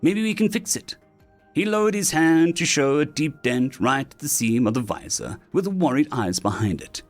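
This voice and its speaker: A man's voice: medium pitch, big pitch swings, normal speed, soft background music. A man reading sci-fi short stories aloud as scripted narration.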